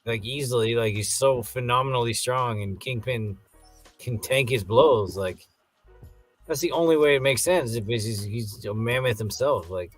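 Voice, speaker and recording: A man's voice: mid-range voice, moderate pace, soft background music. A man co-hosting a casual movie review chat, breaking down the film and cracking jokes, with some word repetition. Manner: joking, analytical, repeats words. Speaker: podcast co-host.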